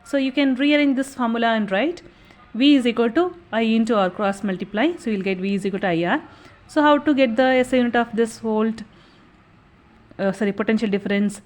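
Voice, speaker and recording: A woman's voice: a little high, fairly quick. Patient woman teaching an exam revision lesson. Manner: patient, explains step by step with frequent "okay" and "so".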